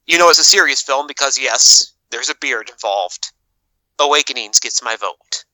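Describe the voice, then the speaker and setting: A man delivers a blunt, wry take on a podcast panel, his words measured and his tone sharp and very bright. The sound is dry and close. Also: mid-range voice, expressive, no room sound, low-quality recording. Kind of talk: prepared opinion piece.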